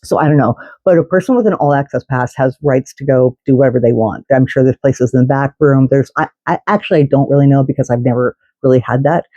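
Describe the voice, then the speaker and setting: A woman's voice: very deep voice, fast, few pauses, warm tone, no echo, lo-fi sound. A woman vlogger telling a story in a casual, indignant way, swearing and restarting her sentences.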